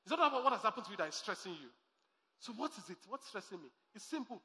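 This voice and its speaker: High-voiced pastor preaching in an echoey hall. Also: male voice, animated, fast talker, bright, forceful tone. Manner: emphatic preaching with repeated lines. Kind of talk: sermon. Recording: echoey hall with faint music.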